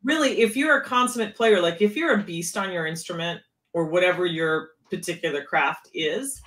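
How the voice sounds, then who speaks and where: Animated woman keytarist chatting. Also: on the low side, moderate pace. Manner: animated, swooping emphasis. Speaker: keytar player guest. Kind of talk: casual chat.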